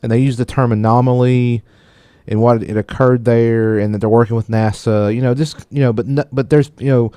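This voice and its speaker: A man's voice: mid-range voice, steady tone, a little fast, dark tone, clean tone, dry recording. A man co-hosting a radio tech show, reading news stories aloud and often tripping over words and joking about it. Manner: stumbles over words and laughs at himself. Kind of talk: casual radio news chat.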